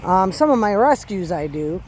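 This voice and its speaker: A woman calmly explaining puppy recall training while walking outdoors on her rural property. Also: mid-range voice, a little hiss or hum. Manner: calm, unhurried explaining. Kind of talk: casual instructional walk-and-talk.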